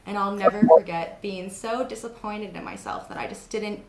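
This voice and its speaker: A woman's voice: mid-range voice, normal speed, crowd noise. Chatty young woman in an echoey room. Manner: chatty storytelling with many fillers. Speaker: host. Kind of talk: casual interview chat.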